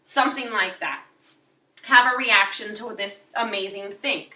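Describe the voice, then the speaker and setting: A woman's voice: medium pitch, unhurried, bright, forceful tone, roomy sound, distant mic, low-quality recording. A woman drama teacher directing young students through a show's choreography, now and then singing or acting out lines as examples. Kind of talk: choreography instruction.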